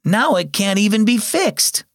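A man's voice: sits high, very animated, a little slow, gravelly, no echo, studio quality, pitched above the performer's own voice, exaggerated voice. A man voicing a young girl in a storybook reading who exclaims at her brother in an upset, scolding way. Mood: exclaiming.

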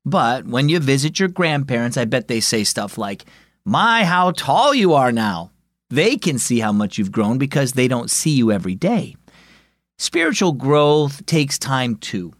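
A man hosting a children's devotional radio show, reading a story in a friendly, expressive storyteller manner. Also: medium pitch, normal speed, no room sound, studio quality. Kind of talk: scripted storybook narration for children.

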